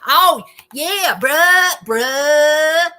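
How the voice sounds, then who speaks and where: A woman's voice: high voice, lively intonation, very slow, bright, forceful tone, pitched above the performer's own voice, exaggerated voice. A woman putting on a swaggering, threatening young man full of bluster, mocking his tough-guy bravado.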